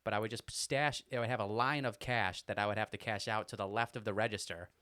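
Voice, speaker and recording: A man's voice: on the low side, fast talker, no room sound, clean studio sound. Rambling young man telling stories. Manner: rambling, animated storyteller. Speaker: podcast co-host. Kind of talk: casual storytelling chat.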